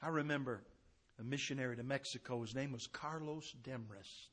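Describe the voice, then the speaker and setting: A man preaching a sermon with fervor, swinging from loud to hushed. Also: mid-range voice, normal speed.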